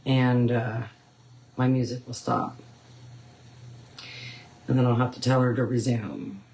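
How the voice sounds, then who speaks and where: A woman's voice: rumbling low, steady tone, slow, darkish tone, poor audio. A woman hosting a painting tutorial, chatting casually and rambling with frequent ums. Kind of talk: casual chat while painting.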